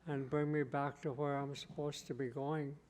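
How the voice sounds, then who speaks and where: A man's voice: on the high side, level tone, normal speed, darkish tone, slight background noise, natural voice, poor audio. A man voicing an earnest young canoe traveler.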